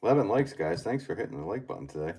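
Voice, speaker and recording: A man's voice: deep voice, sing-song, rapid-fire. A man in his thirties, a potter chatting casually on a live stream while he works, thinking aloud and reading viewers' comments. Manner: easygoing, thinks aloud, reads chat comments. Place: pottery studio. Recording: loud background noise with clicks.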